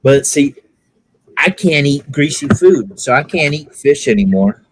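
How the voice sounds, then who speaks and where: A man's voice: fairly high pitch, measured pace, slightly rough, dry recording, rough recording. A man in a casual online group chat, telling an anecdote and acting out the other people's lines in a raised voice. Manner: animated storyteller who acts out quotes in a raised voice.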